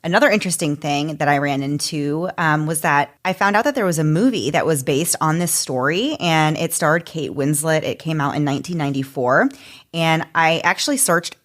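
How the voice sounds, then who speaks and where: Low-pitched woman podcast host, casual and chatty. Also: moderate pace, a bit bright. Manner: chatty, filler-heavy.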